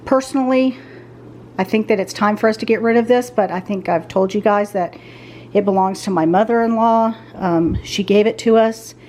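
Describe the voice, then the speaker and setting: A woman's voice: medium pitch, normal speed, a little mellow, a little hiss or hum. A middle-aged woman vlogging casually from her bedroom at home as she tidies. She thinks aloud and talks to her viewers as she weighs her choices. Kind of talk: casual vlog chat while tidying.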